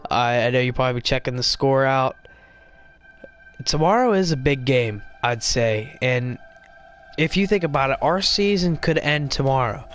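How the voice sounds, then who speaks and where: A young man hosting a casual hockey live stream, chatting to viewers in a quick, rambling way while playing a video game. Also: medium pitch, lively intonation, fairly bright tone, soft background music. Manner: rambling, quick, with fillers and restarts. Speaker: podcast host live streaming.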